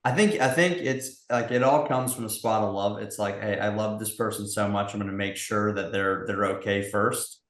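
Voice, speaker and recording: A man's voice: lowish voice, normal speed, hardly any pauses, a bit bright. A man, a guest on a podcast, sharing a personal story in an earnest, reflective way. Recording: roomy echo.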